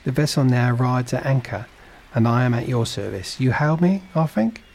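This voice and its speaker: A man's voice: mid-range voice, lively intonation, moderate pace, vocal fry, darkish tone, slight background noise, pitched above the performer's own voice. A man narrating a storybook and voicing a polite, earnest young ship's mate.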